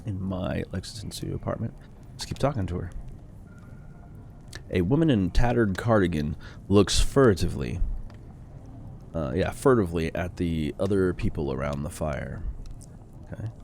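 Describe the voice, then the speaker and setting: A man playing a story game, reading its text aloud with quiet, unhurried asides. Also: expressive, vocal fry, a little hiss or hum. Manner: low-key, unhurried, muttering asides. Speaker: let's play gamer.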